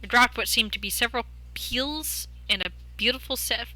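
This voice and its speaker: A woman's voice: on the high side, moderate pace, sharp tone. A young woman streamer, reading a game's story aloud and breaking off for jokey, chatty asides. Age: young adult.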